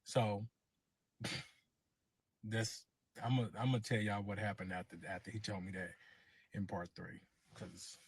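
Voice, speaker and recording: A man, casually telling a long personal story and acting out every quote with lively cursing. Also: on the low side, brisk, slightly rough, no room sound. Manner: animated, acts out quotes with cursing. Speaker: guest telling his story.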